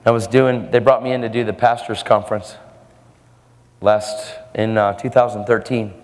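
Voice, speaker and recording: A man's voice: on the low side, little pitch movement, moderate pace. A man preaching a storytelling sermon in an earnest, casual way, often repeating his words. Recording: echoey hall with faint music.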